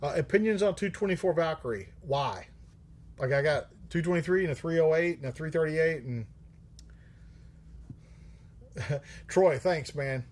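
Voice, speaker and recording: A man's voice: on the high side, moderate pace, a little mellow. Casual, profane man hosting a live chat. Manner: rambling, profane, joking, many fillers. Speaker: livestream host answering viewer chat.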